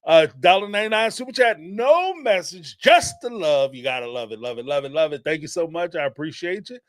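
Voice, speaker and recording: A man's voice: fairly high pitch, lively intonation, fast talker, no echo, clean studio sound. A man hosting a casual live-streamed reality TV recap, rambling and chatty with lots of fillers and laughter.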